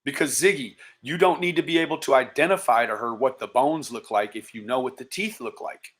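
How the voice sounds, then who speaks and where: A man's voice: mid-range voice, brisk, a bit bright. A man hosting a livestream, talking casually, profane and taunting, calling out to viewers by nickname. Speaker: livestream host.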